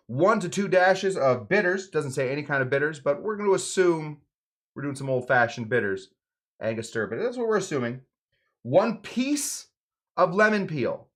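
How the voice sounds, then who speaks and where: A man hosting a live cocktail show, walking through a recipe with playful, rambling jokes and mumbled asides. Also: mid-range voice. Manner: playful, rambling, swings between loud emphasis and mumbled asides. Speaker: home bartender host. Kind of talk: jokey live cocktail demo.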